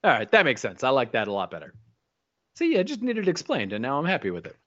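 Man, podcast co-host, casual recap, lively pitch, rambling delivery, dull lo-fi sound. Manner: animated, rambling, breaks into quick impressions. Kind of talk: casual chat recapping an episode. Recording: dull lo-fi audio.

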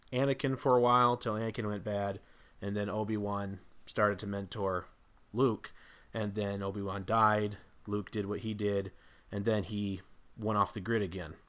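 Low-voiced man rambling through a theory. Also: moderate pace, fairly bright tone. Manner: rambling, thinking aloud with many fillers. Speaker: podcast guest. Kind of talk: casual podcast discussion.

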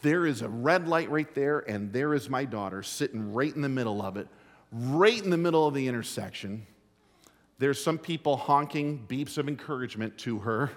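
A middle-aged man preaching a sermon as pastor, telling a folksy story with emphatic, drawn-out phrasing. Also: medium pitch, lively intonation. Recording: long hall reverb.

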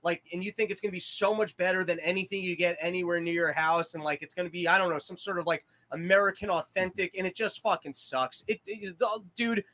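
Podcast host, man, high voice, profane rambling rants, casual. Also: steady tone, fast talker, hardly any pauses, sharp tone. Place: small shed studio.

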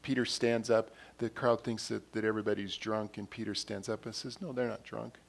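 A man's voice: lowish voice, flat delivery, brisk, vocal fry. A man preaching a sermon in a conversational way, retelling scenes with quoted dialogue and often repeating and restarting words. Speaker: pastor.

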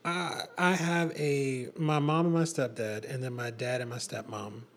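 A man's voice: mid-range voice, steady tone, unhurried. A man hosting a podcast, chatting loosely and laughing as he drinks tequila. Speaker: podcast host. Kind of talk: casual podcast chat.

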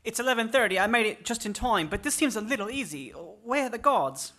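A woman's voice: a little high, animated, fairly quick, a bit bright. A woman playing a quirky time-travelling doctor in improv comedy, attempting a British accent and rambling.

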